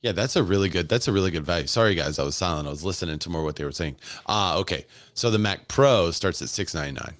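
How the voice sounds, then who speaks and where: A man's voice: deep voice, expressive, quick pace, hardly any pauses, fairly bright tone, dry recording, studio quality. A man hosting a live stream, casually commenting on a keynote as it plays and chatting with viewers in the comments. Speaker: host.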